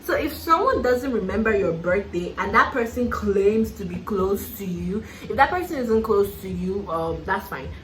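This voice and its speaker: A woman's voice: medium pitch, lively intonation, moderate pace, hardly any pauses, a bit bright, roomy sound, slight background noise, poor audio. A young Nigerian woman with a Nigerian accent, chatting casually and sassily while getting ready, laughing often. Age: young adult. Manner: sassy, playful, laughs often, calls listener "honey". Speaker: YouTuber. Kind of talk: casual get-ready-with-me chat.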